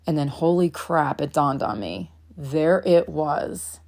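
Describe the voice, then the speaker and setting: Woman, thirties, unhurried delivery, candid, reflective, casual storytelling. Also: sits low. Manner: candid, reflective, occasional swearing and laughs. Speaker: mother sharing a parenting story.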